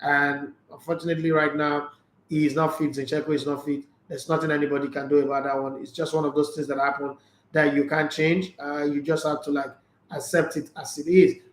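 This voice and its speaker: Tired husky Nigerian man, high voice. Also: little pitch movement, brisk, echoey room, rough recording. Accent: Nigerian English. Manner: chatty, reads comments aloud and answers them. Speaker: sports show host reading viewer comments. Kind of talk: casual sports chat.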